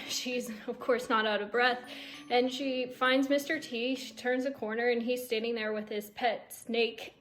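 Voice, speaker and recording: A woman greeting students and telling an upbeat, casual story about the first day of school, acting out what people say. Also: a little high. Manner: upbeat, brisk, acts out quotes.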